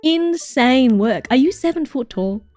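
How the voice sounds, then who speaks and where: A woman in her thirties with a slightly high voice, chatting casually on a livestream. She gushes over viewers' photos, swears freely and throws out mock-jealous insults. Her voice is close and dry, with soft music playing underneath. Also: lively intonation, measured pace, no echo. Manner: gushing and swearing, mock-jealous outbursts, frequent laughs. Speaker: streamer reacting to viewer submissions.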